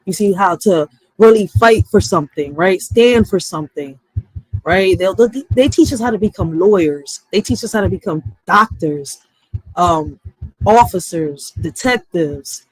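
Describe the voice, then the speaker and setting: A woman's voice: lowish voice, expressive, measured pace, slightly rough, dry recording, poor audio. A woman in her thirties chatting casually on a live stream, candid and rambling, often swearing and asking "right?". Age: 30s.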